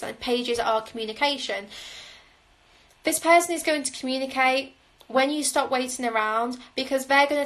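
A woman giving a live tarot reading, musing and intuitive, often pausing with "um" as she reads the cards. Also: high voice, a bit bright, poor audio. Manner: musing, intuitive, frequent "um" fillers. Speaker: tarot reader. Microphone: phone on a livestream.

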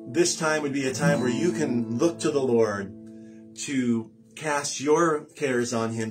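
A man giving a gentle devotional talk, slowly reading scripture verses aloud. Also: mid-range voice, slightly rough. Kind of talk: devotional talk then singing.

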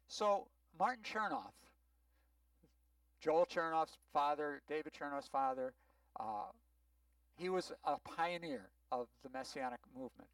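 A rabbi giving a sermon-style teaching, explaining words patiently and often checking whether the congregation follows. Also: male voice, high voice, fairly bright tone, no echo, distant mic, rough recording. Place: synagogue sanctuary.

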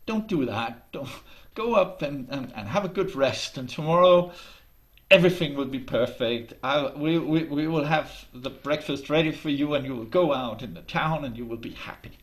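A man's voice: fairly high pitch, normal speed, natural voice. A man voicing a fond, fussing mother who soothes her son. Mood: doting. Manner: doting, soothing.

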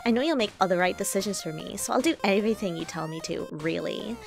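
A woman's voice: medium pitch, quick pace, creaky, music in the background, natural voice. A woman voicing a clingy young woman streamer who craves approval, in a sugary, pleading Valley Girl accent. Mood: devoted.

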